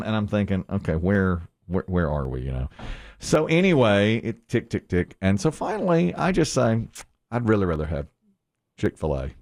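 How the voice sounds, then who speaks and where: Animated storytelling man, lively voice. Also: medium pitch, creaky. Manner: animated storyteller who laughs often and acts out quotes. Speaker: morning radio show co-host. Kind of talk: casual storytelling chat.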